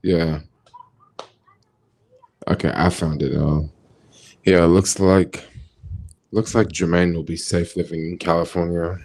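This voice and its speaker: A man's voice: sits low, little pitch movement, takes it slowly, long pauses, darkish tone. An American man chatting casually on a livestream, laid-back and slangy, thinking aloud as he answers viewers' comments. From United States. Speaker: vlogger reading viewer comments.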